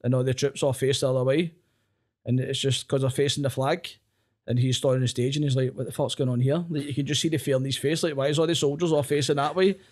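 A man's voice: mid-range voice, fairly even intonation, fast, a little mellow. A man with a Glasgow accent, a comedian chatting as a podcast guest, sweary and self-mocking. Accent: Glaswegian. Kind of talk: casual podcast chat.

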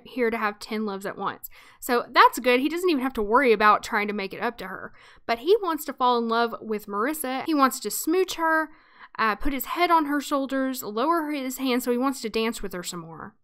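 A woman's voice: sits high, fairly bright tone. A woman hosting a life-sim let's play who chats and narrates the story in an amused way. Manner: chatty, amused. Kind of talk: casual game commentary with storytelling.

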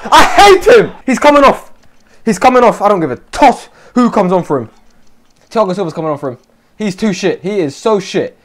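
A young man commentating on his own football video game, shouting, swearing and groaning at his players. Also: sits high, lively intonation, fairly quick. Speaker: gaming streamer. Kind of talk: excited live gameplay commentary.

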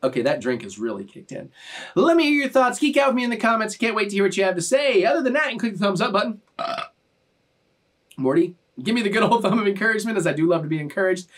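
A man's voice: high-pitched, fast. A man, hosting a reaction channel and rambling playfully to his viewers. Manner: animated, rambling and playful, with sudden shrieks and laughs. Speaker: YouTube reaction channel host. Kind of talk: casual chat to camera.

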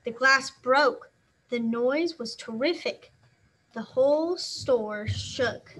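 A woman teacher reading a children's novel aloud, expressive and acting out the sound words. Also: sits high, slow pace, slight background noise.

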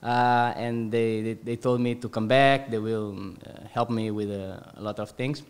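A man tells a story as a podcast guest. His English is halting, and he often stops to correct himself. He keeps a relaxed tone and chuckles now and then, speaking at a medium pitch. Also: clear, resonant tone. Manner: halting non-native English, lots of self-repair. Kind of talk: casual storytelling.

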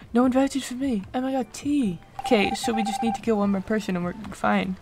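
Excitable young woman with game music. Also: a little high, moderate pace. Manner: chatty, excitable, giggly. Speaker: gaming streamer. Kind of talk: casual gameplay commentary. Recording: clear music behind voice.

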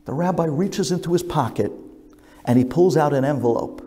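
A rabbi telling a story in an animated sermon, swinging between loud and hushed. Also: male voice, on the high side, moderate pace, faint music behind. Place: synagogue sanctuary. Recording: echoey synagogue hall.

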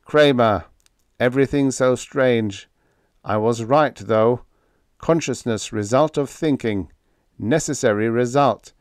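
A man voicing an old male professor whose mind now runs a spaceship, speaking through a wall speaker in a halting, toneless way. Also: mid-range voice, no echo, studio quality. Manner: toneless, halting, without inflection.

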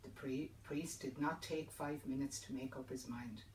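A woman tells an old folk tale in a low, dramatic, lilting voice. She sits back from the mic in a roomy space. A faint ambience hums underneath. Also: steady tone, moderate pace, darkish tone, distant mic, slight background noise. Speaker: storyteller. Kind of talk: reading a folk tale aloud. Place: indoors by a fireside.

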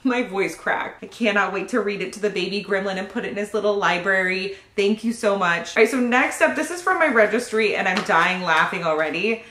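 A woman's voice: medium pitch, a bit bright. A pregnant young woman chats casually in a vlog, giggling and gushing as she opens gifts. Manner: giggly, gushing, often laughing. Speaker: YouTube vlogger. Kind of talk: casual unboxing chat. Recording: roomy echo.

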